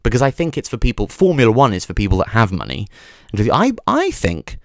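With a lowish, creaky voice whose pitch swoops wildly, a man hosting a podcast races briskly through a digressive comic monologue full of curses and false starts. The sound is clean studio audio with no echo.

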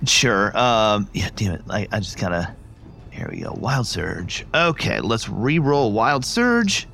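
A man playing a tabletop game, excitable and quick to swear and laugh. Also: lowish voice, creaky, slight background noise. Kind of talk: casual game-night chat.

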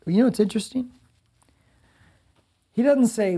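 Mellow husky-voiced male pastor preaching. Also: high-pitched, expressive, unhurried. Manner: conversational, addresses the congregation directly. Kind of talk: sermon.

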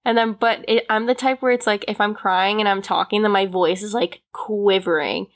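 A young woman with a mid-range voice tells everyday stories in a loose, chatty way. She giggles often and fills her sentences with "like." Her delivery is relaxed and conversational. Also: medium pitch, moderate pace. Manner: chatty storytelling, giggly, many "like" fillers. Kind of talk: casual chat.

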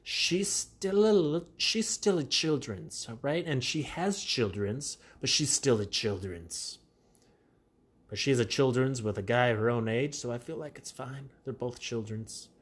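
A man talking loosely on his own podcast, rambling from one joke to the next at a middling pitch. He trails off mid-thought and fills gaps with "you know" and "um". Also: unhurried, slightly rough. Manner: rambling, jokey, trails off with many fillers. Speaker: podcast host. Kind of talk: casual comedic podcast chat.

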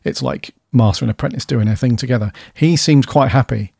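A podcast co-host who thinks aloud, hedging and rambling through his questions. His voice is mid-pitched and recorded on a close studio mic, dry and without any room sound. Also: a little fast, vocal fry, warm tone, slightly rough, no echo. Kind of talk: casual chat. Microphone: studio dynamic mic.

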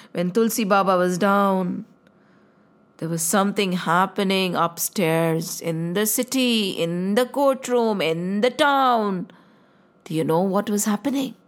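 A woman telling a devotional story to a child in an animated way, often asking the listener questions. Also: mid-range voice.

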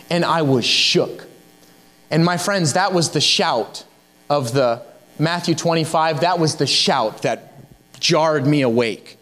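Young male preacher, high voice, fervent and exhorting. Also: a bit bright. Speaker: guest pastor. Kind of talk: sermon.

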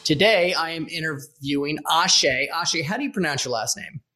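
Bright-voiced teasing male podcast host. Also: fairly high pitch, animated, fairly quick, faint music behind. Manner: teasing, joking banter. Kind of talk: casual interview.

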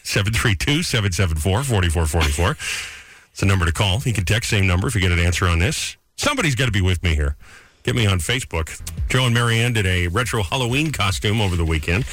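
Animated fast-talking male radio host. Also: lowish voice, no room sound. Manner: lively, joking rants. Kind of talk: morning radio banter.

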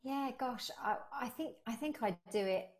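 Animated woman telling a sales story. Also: normal speed. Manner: animated, acts out quoted dialogue with rising pitch. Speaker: podcast guest. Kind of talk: conversational storytelling.

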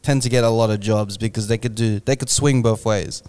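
Smooth low-voiced man, blunt. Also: steady tone, a little fast, darkish tone, dry recording. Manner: blunt, teasing. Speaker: podcast co-host. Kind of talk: casual chat.

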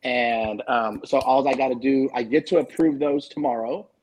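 A man's voice: medium pitch, fairly even intonation, normal speed, darkish tone, a little hiss or hum, rough recording. A man in his forties talking candidly and emphatically in a casual panel chat, swearing freely as a guest author. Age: 40s.

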